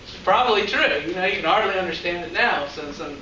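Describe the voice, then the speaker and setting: A man lectures a class in a chatty way, stopping often to ask the students questions. His voice sits high and sounds very bright. He is picked up from across a very echoey classroom, with faint room noise behind him. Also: animated, quick pace, far from the mic. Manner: conversational, asks the class questions. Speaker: high school biology teacher.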